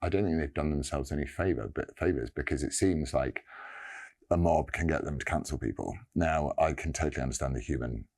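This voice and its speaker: A man giving an earnest personal statement, halting and pausing often. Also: rumbling low, darkish tone. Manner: halting, earnest, many pauses and restarts.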